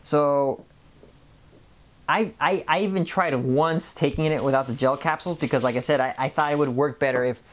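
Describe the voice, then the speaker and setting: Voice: mid-range voice, moderate pace. Rambling vlogger full of restarts. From Mexican family background. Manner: rambling, many restarts and repeated words. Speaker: health vlogger. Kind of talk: casual vlog monologue.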